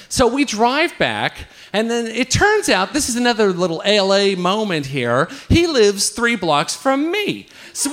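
An older man from Ireland telling a profane, comic story live, often laughing and loudly acting out the dialogue. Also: high-pitched, moderate pace. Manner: profane, animated, laughing, quoting himself loudly.

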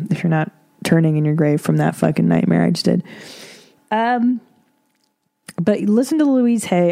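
Woman, podcast host, casual advice talk, blunt, curses a lot, warm low tone. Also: creaky. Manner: blunt, swears freely; laughs between points.

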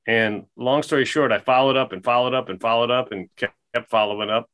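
A man's voice: mid-range voice, brisk, fairly bright tone. A man guest on a podcast, telling a long story casually with many fillers and restarts.

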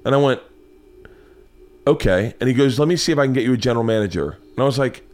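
A man's voice: mid-range voice, lively intonation, darkish tone. A man chatting on a podcast, telling profane stories and acting out the dialogue. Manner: profane, fast-moving anecdotes with acted-out dialogue. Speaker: podcast guest, husband of the host. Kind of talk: casual chat, animated storytelling.

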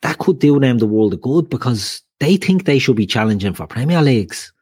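Male podcast host, husky and low, dry close sound, casual bantering football chat. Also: expressive, a little fast, a little mellow, no room sound. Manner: banter, jokey asides to listeners.

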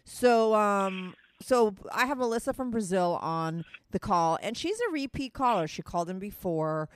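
A woman's voice: mid-range voice, expressive, moderate pace, smooth. A woman with a New Jersey or New York accent hosting a podcast, talking in a blunt, chatty way and swearing freely. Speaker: podcast host. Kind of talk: casual chat. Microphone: phone call with co-host.

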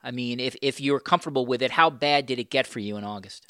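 A man interviewing a guest, asking careful, measured questions. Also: medium pitch, sharp tone, smooth, no room sound, clean studio sound.

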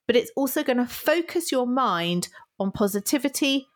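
A woman's voice: on the high side, expressive, moderate pace. A woman co-hosting a podcast in casual chat, laughing often and acting out apologetic quotes. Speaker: podcast co-host.

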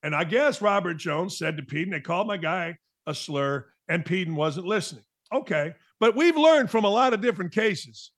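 A man's voice: high voice, lively intonation, normal speed, fairly bright tone. A middle-aged man hosting a sports talk show, delivering a blunt, emphatic monologue with a mocking edge.

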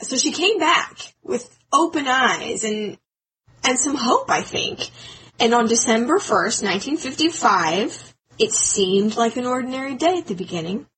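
Woman co-host, bright higher voice, animated storyteller, faint hiss behind. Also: a little slow. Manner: animated, acts out quoted lines. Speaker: podcast co-host. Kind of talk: casual storytelling chat.

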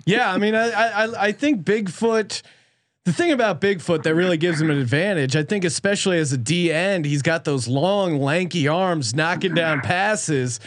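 Chatty man hosting a podcast, higher voice. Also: normal speed, no echo. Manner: chatty, laughs often. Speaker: podcast host. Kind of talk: casual podcast interview.

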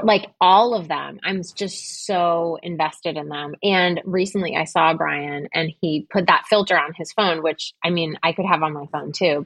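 A woman's voice: low-pitched, fairly bright tone, dry recording. A woman chatting as a podcast guest, enthusiastic and articulate, gushing about work she admires. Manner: enthusiastic, effusive. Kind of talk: casual interview chat.

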